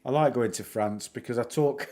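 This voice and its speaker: A man's voice: medium pitch, moderate pace, a little mellow. A middle-aged Northern English man hosting a livestream, chatting in a rambling, joking way with music playing behind him. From England. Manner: chatty, rambling, self-mocking jokes. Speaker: livestream host. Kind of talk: casual livestream chat. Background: background music.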